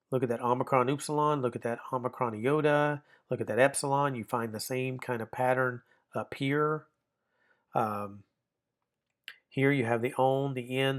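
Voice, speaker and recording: A man's voice: mid-range voice, fairly even intonation, unhurried. A man teaching a recorded online grammar lesson, explaining step by step and often repeating or rephrasing himself.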